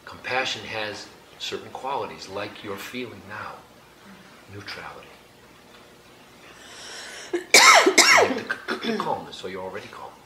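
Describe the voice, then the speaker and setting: A man leading a group exercise in a hall, giving slow, gentle instructions with light laughter. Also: lowish voice, lively intonation. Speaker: workshop leader. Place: hall with an audience. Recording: echoey room, background noise.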